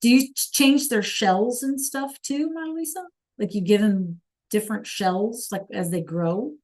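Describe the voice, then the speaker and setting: A woman teaching a live online language class, slowly sounding out words for students to repeat and encouraging them by name. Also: medium pitch, a little mellow. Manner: slow careful enunciation of words for students to repeat. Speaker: Spanish teacher.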